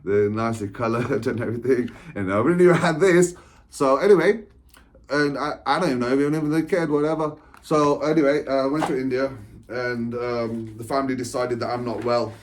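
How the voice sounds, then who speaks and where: Guy rambling thru his life story to the camera, keeps saying right?, laughs a bit, restarts his sentences, average pitch. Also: a little fast, a little hiss or hum. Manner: meandering, with restarts and frequent "right?" checks; breaks into short laughs while talking. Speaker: author and spiritual coach. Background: England.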